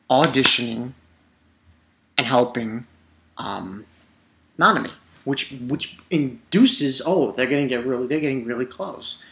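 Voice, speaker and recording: Bright-voiced excitable man recapping. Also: medium pitch. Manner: excitable, animated retelling with swearing. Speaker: anime reviewer. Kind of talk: casual episode recap.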